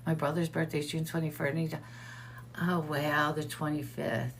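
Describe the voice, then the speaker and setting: A woman's voice: low voice, flat delivery, moderate pace, slight background noise. A middle-aged woman hosting a casual livestream, telling stories in quoted dialogue and answering viewers in the chat by name. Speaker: host of a livestream show. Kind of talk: casual live-stream chat.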